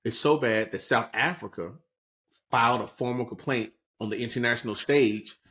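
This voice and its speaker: Speaking at normal speed with a mid-range, somewhat bright voice, a man co-hosting a podcast talks about current events. It's an informal political chat in which he explains things casually and often checks in with "right?"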